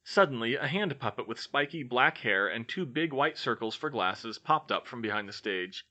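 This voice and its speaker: A man narrates a novel aloud with a bright, forceful tone and a lively, animated pitch. He reads expressively, switching into character voices throughout. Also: normal speed, lo-fi sound. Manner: expressive, does many voices. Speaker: audiobook reader. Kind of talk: scripted narration.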